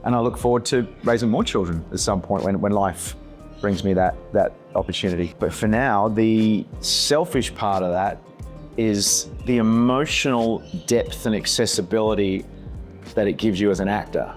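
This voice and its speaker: Earnest man, lowish voice. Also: soft background music. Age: 40s. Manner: slow, earnest, repeats words when searching. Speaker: actor guest. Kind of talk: reflective podcast conversation.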